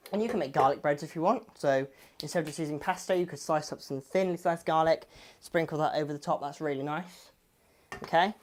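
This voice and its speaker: A woman's voice: low-pitched, slight background noise. A woman hosting a home cooking demonstration, chatty and friendly, slipping in corny jokes. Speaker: cooking show host.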